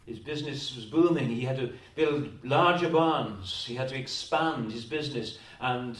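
This is a male pastor with a Welsh accent delivering a sermon at a moderate pace with few pauses, his mid-pitched voice slightly bright. He drives his points home by repeating words and asking rhetorical tag questions. The mic sits at a distance in an echoey hall.

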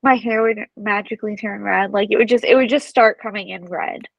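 A woman's voice: mid-range voice, fairly quick, vocal fry, dry recording, low-quality recording. A woman co-hosting a podcast, chatting casually and daydreaming aloud. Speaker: podcast co-host. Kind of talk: casual chat.

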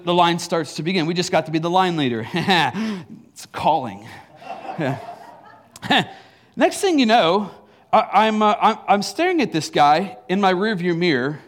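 A male pastor with a high voice preaches in a church, telling a story in an animated way. He breaks into laughs and acts out asides. He sounds middle-aged. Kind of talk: sermon.

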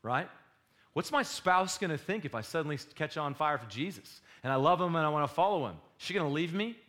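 A man preaching with animated swings, from near-shouted exhortations to hushed, confessional asides. His delivery is lively. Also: fairly high pitch, fast. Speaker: pastor. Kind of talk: sermon.

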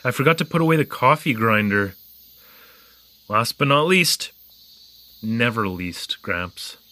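A man's voice: mid-range voice, unhurried. A man playing a chatty young newcomer. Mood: musing. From Canada. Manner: animated, joking, wandering asides. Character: young male newcomer keeping a spoken diary, curious, chatty. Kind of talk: audio drama narration.

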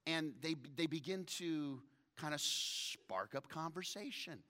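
A man's voice: fairly high pitch, unhurried. A man in his thirties preaching a sermon, retelling a scripture story with humor and acting out the characters' lines. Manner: animated storyteller, acts out characters. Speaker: pastor.

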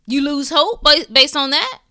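A woman hosting a podcast, speaking in a blunt, preachy way with swearing and shifting between calm talk and fired-up bursts. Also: high voice, a little slow. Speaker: podcast host. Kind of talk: impassioned spiritual talk.

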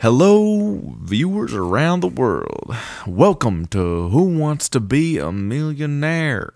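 A man hamming up a loud showy game show host. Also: on the high side, huge pitch swings, unhurried, gravelly, no room sound, studio quality, pitched above the performer's own voice, heavily acted. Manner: loud showy host patter, half-tried Southern twang. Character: brash adult male game show host.

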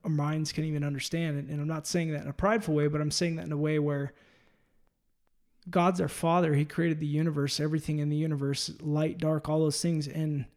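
Gravelly, earnest male faith-podcast host. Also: on the high side, flat delivery, a little mellow. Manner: earnest, heartfelt, halting with restarts. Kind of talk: faith-based interview conversation.

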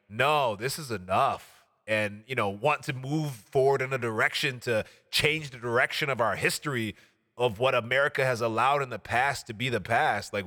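Bright-voiced earnest podcast host. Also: male voice, fairly low pitch, in a large hall. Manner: earnest, heartfelt, rambling. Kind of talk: casual podcast chat.

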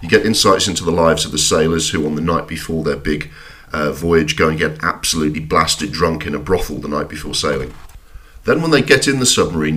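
Guy, really low voice, dry and a bit sweary, reading his film review script. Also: fairly bright tone. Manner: dry, mildly sweary, self-deprecating. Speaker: podcast host.

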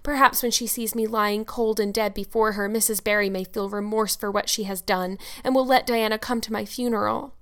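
A woman's voice: medium pitch, fairly even intonation, a little fast, hardly any pauses, a bit bright, close to an everyday voice. A woman voicing a dramatic, romantic young orphan girl who speaks in a gushing, theatrical, tearful way in an audiobook. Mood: mournful. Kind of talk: audiobook character voice.

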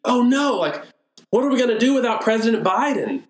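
A man voicing a startled, worried listener in a sermon anecdote, shrill and rushed. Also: fairly even intonation, fairly bright tone, echoey room. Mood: alarmed.

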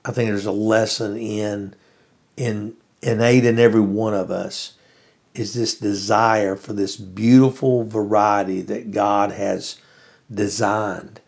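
A man with a low, gravelly voice holds forth in an unscripted commentary. He rambles earnestly, stopping to restart his sentences and filling the pauses with "uh." It sounds like a host thinking out loud for his listeners. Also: steady tone. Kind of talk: casual spoken commentary.

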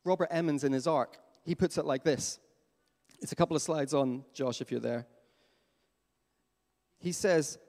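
A man preaching a sermon as pastor in a church, lively and questioning his congregation. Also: a little high, moderate pace, long pauses. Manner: animated, asks the congregation questions. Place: church hall. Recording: long hall reverb.

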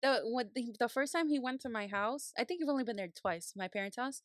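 A young woman co-hosting a podcast in casual chat, talkative and quick to laugh. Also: fairly high pitch, no echo, clean studio sound. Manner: laughs easily, chatty. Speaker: podcast co-host.

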